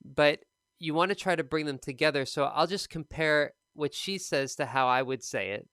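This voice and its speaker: Smooth-voiced male TOEFL teacher. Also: on the high side, normal speed, a bit bright, no echo, clean studio sound. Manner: conversational, explains with examples. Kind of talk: live-streamed teaching talk.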